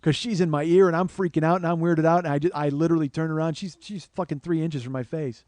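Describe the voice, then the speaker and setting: A man in his forties, a comedian hosting his podcast, telling a story in an animated, profane, exasperated way on a close studio mic. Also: a little high, quick pace, no echo. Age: 40s. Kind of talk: comic storytelling monologue.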